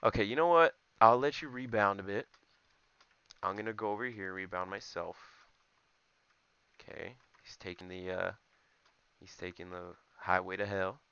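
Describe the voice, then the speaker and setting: A man's voice: fairly low pitch, steady tone, moderate pace, long pauses, pushed and bright, clean tone, highs cut off. A young man giving joking, rambling commentary over his gameplay, talking straight to his viewers. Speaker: gaming YouTuber.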